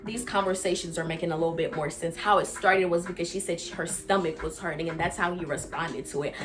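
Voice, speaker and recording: A young woman vlogger telling a casual storytime, acting out quoted lines with big jumps in pitch and dropping into quiet low asides. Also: steady tone, quick pace, hardly any pauses.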